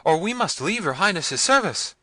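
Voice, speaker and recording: A man voicing a group of frightened castle servants in a high, slow, pleading voice. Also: big pitch swings, pushed and bright, dry recording, studio quality, exaggerated voice.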